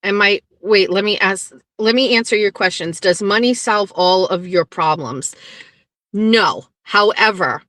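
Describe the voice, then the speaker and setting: A woman's voice: mid-range voice, unhurried, fairly bright tone, no room sound. A middle-aged woman hosting a casual livestream, talking bluntly with plenty of swearing as she rants and reads viewer comments. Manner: blunt and profane, ranting then chatty. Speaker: livestream host.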